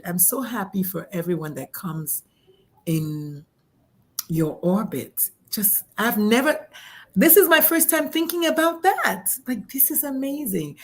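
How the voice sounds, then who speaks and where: A woman hosts a casual interview, talking with excited energy and tumbling restarts. She acts out little quoted exchanges as she goes, at a middling pitch. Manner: excitable, animated, lots of restarts and quoted voices. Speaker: host. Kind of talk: casual chat.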